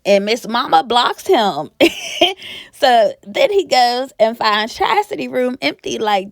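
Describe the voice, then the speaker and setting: A woman's voice: a little high, sing-song, slow pace, vocal fry, dry recording, studio quality. A young woman from Pennsylvania recapping a reality show in a sassy, gossipy, casual way, laughing often.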